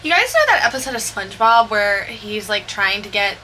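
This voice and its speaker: A young woman chatting casually over her gameplay build, rambling and candid with quick asides. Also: mid-range voice, big pitch swings, bright, forceful tone, a little hiss or hum. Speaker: Sims builder narrating her speed build. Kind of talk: chatty voiceover storytime.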